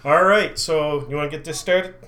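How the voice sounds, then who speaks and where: A man's voice: fairly high pitch, moderate pace, bright, forceful tone. A middle-aged man co-hosting a podcast, joking and asking quiz questions. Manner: joking, interjecting. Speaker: podcast co-host, quiz master. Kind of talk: casual chat.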